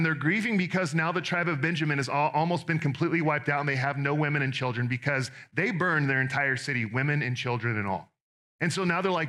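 Earnest preaching man, bright voice. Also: fairly high pitch. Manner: earnest, direct, conversational preaching with quick asides. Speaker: pastor. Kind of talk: sermon.

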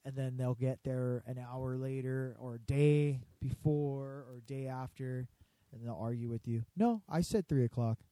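A man tells work stories in casual, profanity-laced chat, mimicking difficult customers as he goes. His voice is dark and mellow, recorded close and dry. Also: mid-range voice, level tone, measured pace, no room sound. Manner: profane, storytelling, acts out customers. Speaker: barbershop worker.

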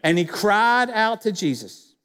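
High-voiced male preacher in reverberant sanctuary. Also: sing-song, unhurried, a bit bright, smooth. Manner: emphatic, asks the congregation rhetorical questions. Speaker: pastor. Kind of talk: sermon. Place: church sanctuary. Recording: long reverb of a church hall.

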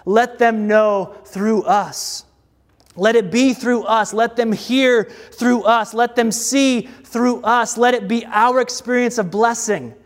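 A man with a notably high voice preaches in a slow, measured cadence, leaning on pauses and repeated refrains. His words ring out with a long reverb, as if in a large hall. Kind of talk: sermon.

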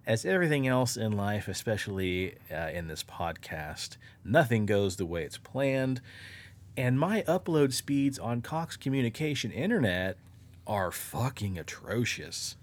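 A man's voice: on the low side, big pitch swings, unhurried. A man co-hosting a podcast in a loose, rambling, profane way, upbeat and chatty. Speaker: podcast co-host. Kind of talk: casual podcast chat.

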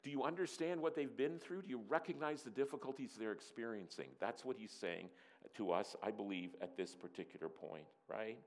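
A man preaching a sermon, animated and playful, who acts out scenes and sometimes drops to a soft, earnest tone. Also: mid-range voice, brisk. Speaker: pastor.

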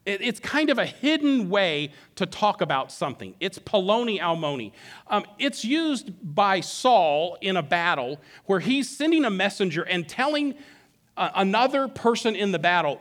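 Lively, high-voiced male preacher. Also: moderate pace. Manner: animated, playful storytelling with frequent restarts. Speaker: pastor. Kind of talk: sermon.

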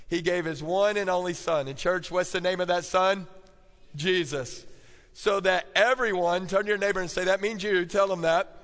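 Recorded with long church hall reverb, a male pastor on the higher side, with a fairly bright tone, preaches a sermon. He engages the congregation call-and-response style, repeating key points so they can note them down.

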